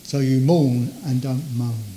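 An older man preaching a sermon in a conversational way, acting out inner voices and trailing off softly. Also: medium pitch, takes it slowly, a little hiss or hum.

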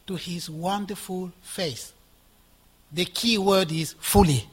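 A male preacher delivers a sermon in a high, husky voice. He swings between ringing exhortation and hushed, whispered asides. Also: unhurried.

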